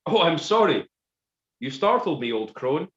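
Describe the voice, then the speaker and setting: A man's voice: a little high, big pitch swings, unhurried, a bit bright, reverberant, dull audio, voice pushed up. A man doing an earnest young Scotsman.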